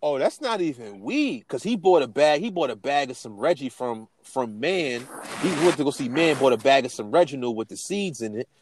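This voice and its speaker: A man's voice: medium pitch, lively intonation, moderate pace, few pauses, background noise. A man co-hosting a podcast, telling stories in casual, profane chat, acting out quotes and laughing often. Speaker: podcast co-host.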